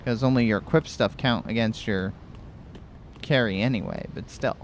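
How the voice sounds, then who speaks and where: A man's voice: fairly low pitch, moderate pace, slight background noise. Chatty man rambling over gameplay. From Connecticut. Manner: rambling, chatty, many restarts. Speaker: gaming streamer. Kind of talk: casual let's-play commentary.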